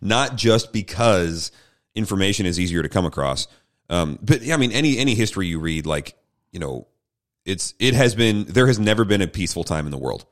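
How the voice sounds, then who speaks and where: A man's voice: sits low, expressive, brisk. A man co-hosting a casual Bible discussion podcast, steering the talk with dry, wry remarks. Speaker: podcast co-host.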